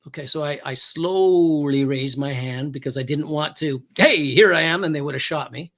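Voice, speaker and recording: A man's voice: on the high side, steady tone, moderate pace. A former police hostage negotiator from Canada, a male guest on a talk show, telling an anecdote with emphatic rises and hesitant fillers. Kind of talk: storytelling anecdote.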